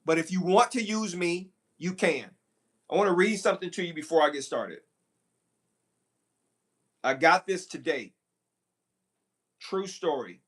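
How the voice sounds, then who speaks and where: A man, a recruiter, talking live to viewers in a preachy, animated way, repeating phrases for emphasis. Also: sits high, a little slow, pauses often, husky. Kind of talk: live stream talk to viewers.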